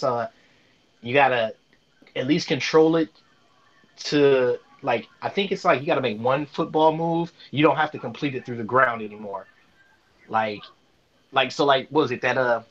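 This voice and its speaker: A man chatting casually about sports and telling anecdotes in a lively way. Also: medium pitch, normal speed, lo-fi sound. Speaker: podcast panelist. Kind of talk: casual sports chat, storytelling.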